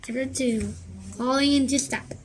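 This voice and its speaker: A woman reading a children's book aloud, halting often and repeating words as she goes. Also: high-pitched, steady tone, a little hiss or hum, low-quality recording. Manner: halting, many restarts and repeats. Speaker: reader.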